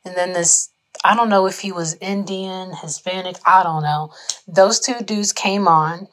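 A woman's voice: on the low side, a little slow. A young woman telling a story in a casual vlog, swearing often and filling her speech with "like". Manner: swearing, lots of "like" fillers, animated retelling.

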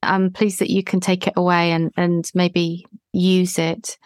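A woman, hosting a gentle therapeutic conversation in a calm, reassuring, deliberate way. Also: fairly low pitch, no room sound, studio quality. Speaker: healing practitioner, podcast host.

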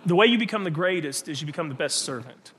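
A pastor preaching a sermon in an animated, conversational storytelling manner, often restarting his phrases. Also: fairly high pitch, quick pace, husky.

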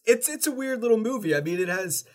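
A man's voice: high voice, lively intonation, fast talker. A man co-hosting a casual movie podcast, talking enthusiastically and swearing casually. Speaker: podcast co-host. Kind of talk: casual film discussion.

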